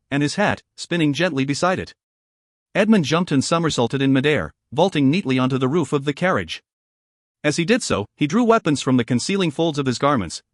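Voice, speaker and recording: A man reading an audiobook narration in a measured, expressive storytelling manner. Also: a little high, no echo, clean studio sound. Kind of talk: scripted narration.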